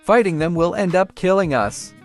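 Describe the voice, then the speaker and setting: A man's voice: high-pitched, animated, normal speed, faint music behind. A man voicing a nervous, blustering bandit boss in a story recap. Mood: flustered. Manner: blustering, rough.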